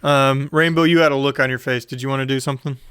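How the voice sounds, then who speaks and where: A man's voice: mid-range voice, fairly even intonation, quick pace, fairly bright tone, smooth, no room sound. A man running a tabletop game, casual and playful, swearing freely. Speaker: game master.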